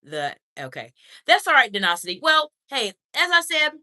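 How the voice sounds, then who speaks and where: Bright-voiced woman coaching on a livestream. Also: high voice, sing-song, normal speed. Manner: direct, encouraging, reads out comments and answers them. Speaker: leadership communication coach hosting a live Q&A. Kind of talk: live-stream chat reading viewer comments.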